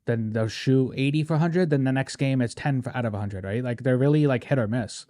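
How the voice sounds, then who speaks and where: A man's voice: medium pitch, fairly quick, dark tone, no echo, clean studio sound. A man hosting a podcast, chatting casually and animatedly, peppering his talk with "bro" and "right?". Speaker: podcast host. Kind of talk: casual chat.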